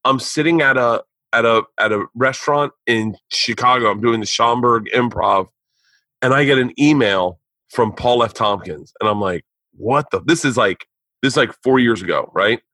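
A man hosting a podcast, telling a long story in an animated, profane way with plenty of restarts. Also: medium pitch, moderate pace, no room sound, low-quality recording. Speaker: podcast host. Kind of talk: casual storytelling chat. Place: indoor home studio.

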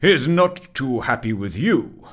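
A curt, pedantic office clerk, as a man reads him speaks in short, dry remarks. The voice stays close to the narrator's own, only slightly firmer. It carries a lively, up-and-down storybook tone. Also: fairly low pitch, unhurried. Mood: stern.

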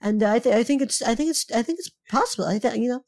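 A woman on a comedy podcast doing an impression of a boastful male politician, rambling and repeating herself with halting restarts. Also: a little high, a little mellow, natural voice.

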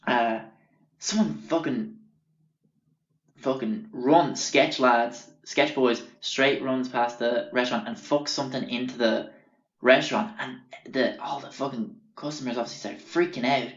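A man's voice: medium pitch, a little slow, echoey room, dull audio. A young man telling a casual, profane anecdote, rambling and often losing track of names. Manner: rambling, swears constantly, loses track of names. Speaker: storyteller.

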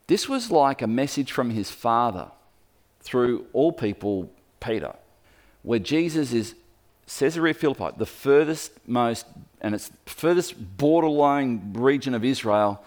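A man preaching a sermon in a lively storytelling manner, speaking to the room as he points at a map. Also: medium pitch, normal speed. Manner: lively storytelling, acts out quoted voices.

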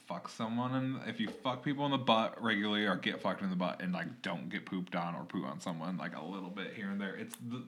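A young man co-hosting a podcast in casual chat, laughing often and breaking into loud bursts as he tells stories. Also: low voice, fast talker, few pauses. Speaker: podcast co-host.

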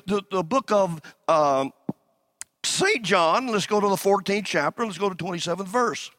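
High, lively pastor preaching a sermon. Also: male voice, normal speed, no room sound, clean studio sound. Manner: repetitive call-and-response preaching, leading the congregation. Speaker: senior pastor.

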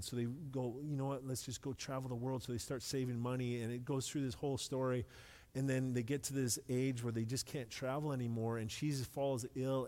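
A man's voice: medium pitch, a little mellow. Middle-aged guy preaching, chatty and joking, repeats himself when he gets going, voice ringing around a big hall. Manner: conversational, self-deprecating humor, repeats words when emphatic. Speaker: pastor. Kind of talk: sermon. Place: church sanctuary with long reverb. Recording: long hall reverb.

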